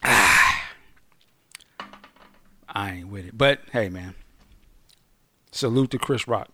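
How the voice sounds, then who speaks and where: A middle-aged man telling a story in casual podcast chat, slangy and swearing, acting out the quotes loudly. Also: lowish voice, takes it slowly.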